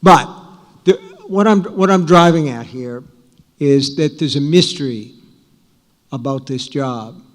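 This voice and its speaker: A man's voice: a little high, measured pace, pauses often. A man in his sixties, an author, telling rambling, self-deprecating anecdotes to a live audience with wry humor and frequent restarts. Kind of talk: live storytelling talk. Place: large hall with audience. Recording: live hall reverb.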